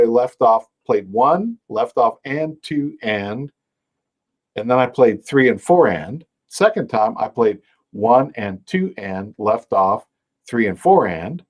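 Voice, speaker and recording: A man's voice: mid-range voice, lively intonation, takes it slowly. A man teaching a live online music lesson on timing. He explains things patiently, counts beats aloud, scats rhythms and sings short bits of a folk song while he plays. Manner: explains timing with counting, scatting and sung demonstrations over his own playing. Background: his own dulcimer playing.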